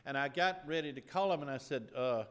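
A man's voice: a little high, fairly quick. Man preaching in a long-echoing hall. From Ukraine. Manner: earnest storytelling, acts out voices with sudden loud bursts. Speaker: pastor. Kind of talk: sermon with personal story.

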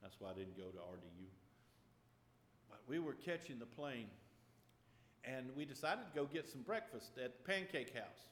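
Male pastor, sermon storytelling, earnest, mid pitch, booming hall reverb. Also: big pitch swings, moderate pace, long pauses, a little hiss or hum. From Ukraine. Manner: earnest storytelling, acts out voices with sudden loud bursts.

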